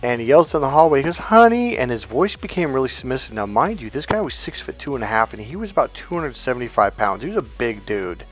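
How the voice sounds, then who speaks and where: A man's voice: mid-range voice, animated, fast talker, few pauses, faint music behind. A man giving a casual, blunt lecture as a dating coach, swearing freely and telling anecdotes. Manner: blunt, profane, emphatic.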